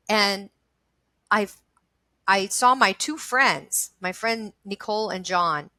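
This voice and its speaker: An actress appearing as an interview guest tells a personal story earnestly, emphatically and from the heart, often restarting her sentences. Her mid-range voice is bright and forceful, with no echo, on a low-quality recording.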